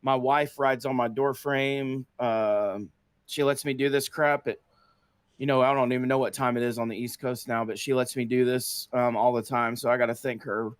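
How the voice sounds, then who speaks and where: Man, mid pitch, smooth clear voice, laid-back answers full of fillers, post-race interview. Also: little pitch movement, normal speed, dry recording, clean studio sound. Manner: easygoing, filler-heavy answers. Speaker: race winner being interviewed.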